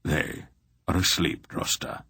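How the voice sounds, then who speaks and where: A man voicing a calm, wry old male sorcerer in an audiobook, speaking in an unhurried way. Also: dry recording, studio quality.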